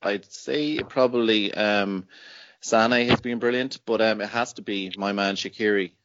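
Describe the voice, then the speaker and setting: A low-pitched man hosts a podcast, relaxed and teasing, with lots of ums. The audio is dry and dull, with no room sound at all. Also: normal speed, dry recording. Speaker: podcast host. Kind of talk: casual podcast chat.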